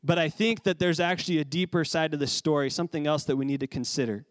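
A man's voice: fairly high pitch, fairly even intonation, fast, dry recording. A man preaching a sermon as pastor, in a conversational way with casual asides.

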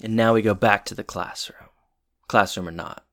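A man co-hosting a casual chat, retelling a TV episode with relaxed joking asides and hesitant fillers. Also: lowish voice, moderate pace. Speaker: podcast co-host.

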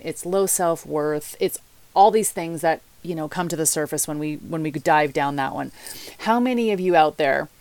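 Lower-voiced woman life coach, chatty. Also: darkish tone. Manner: chatty, candid, addresses listeners directly. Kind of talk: motivational podcast talk.

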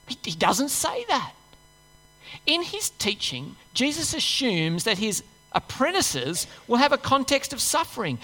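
A woman preacher delivers a sermon in a church, reading scripture and chatting with the congregation through rhetorical questions. Her voice sits on the high side and is very animated, a little slow, pushed and bright. Soft music plays in the background, and the recording carries a long church-hall reverb.

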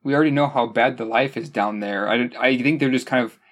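A man co-hosting a podcast who talks over a movie in a measured, hesitant way, often restarting his sentences. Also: mid-range voice. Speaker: podcast co-host. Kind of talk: casual movie review chat.

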